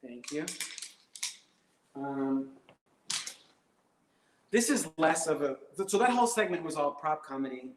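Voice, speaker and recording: A man's voice: fairly high pitch, lively intonation, slow, long pauses, background noise. A man doing rambling, hesitant stand-up comedy on a live stream, full of fillers and absurd bits. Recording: roomy echo.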